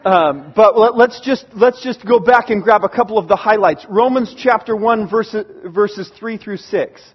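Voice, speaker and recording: A man preaching a sermon, earnest and pleading, slowing down and repeating phrases for emphasis. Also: high voice, husky, dull audio. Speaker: pastor.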